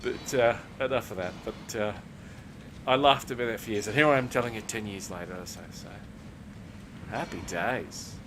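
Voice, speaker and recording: A man's voice: lowish voice, moderate pace, noisy background. An Australian man streaming a video game, telling a long profane story with fillers and restarts. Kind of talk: casual storytelling while gaming.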